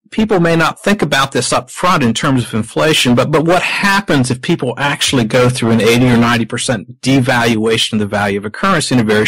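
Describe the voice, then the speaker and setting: A man as a podcast guest, explaining at a measured pace and putting rhetorical questions to the host. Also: medium pitch, fairly bright tone, dry recording, low-quality recording. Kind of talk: explanatory interview talk.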